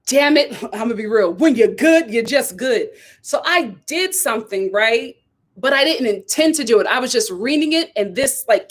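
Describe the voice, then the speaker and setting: A woman's fairly high, somewhat bright voice carries her vlog as she chats casually and emphatically. Telling a story, she acts out other people's voices in a casual opinion chat.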